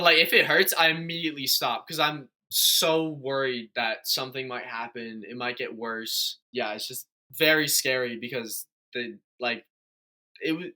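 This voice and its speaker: Young man, podcast host, bright forceful voice, rambling, fillers and restarts. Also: medium pitch. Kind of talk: casual chat.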